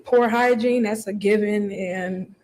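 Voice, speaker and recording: A woman's voice: medium pitch, fairly even intonation, measured pace, a little mellow. A woman contestant on a dating show, talking openly and emotionally about her past. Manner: open, emotional, candid.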